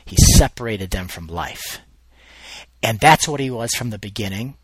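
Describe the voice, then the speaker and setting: A man's voice: on the low side, normal speed, a bit bright, husky, no room sound. A man giving informal Bible teaching in a conversational way, thinking aloud and often restarting his sentences.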